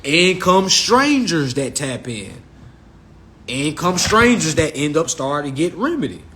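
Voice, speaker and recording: A man hosting a livestream, ranting comically to his viewers in a profane, animated way and calling them y'all. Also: on the high side, unhurried. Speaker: livestream host. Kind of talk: casual comedic rant.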